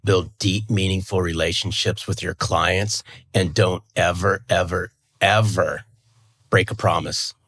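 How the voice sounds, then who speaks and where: Brief: fifties man, very low husky voice, earnest, emphatic guest. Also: steady tone, a little slow, a bit bright. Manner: earnest, emphatic, repeats words as he restarts. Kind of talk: conversational interview.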